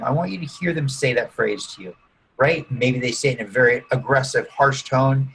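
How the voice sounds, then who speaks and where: A man with a husky, slightly breathy voice leads a calm guided visualization. He talks listeners through each step and keeps checking in to make sure they are following. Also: medium pitch, poor audio. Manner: calm, guiding, often checks in with "okay?" and "right?". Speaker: guest coach using neurolinguistic programming. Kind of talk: guided visualization during an interview.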